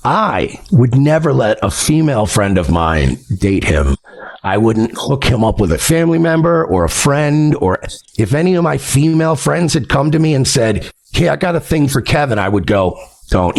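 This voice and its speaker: A man's voice: medium pitch, a little mellow. A man hosting his livestream, venting bitterly and swearing freely. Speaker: streamer host. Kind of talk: emotional livestream monologue.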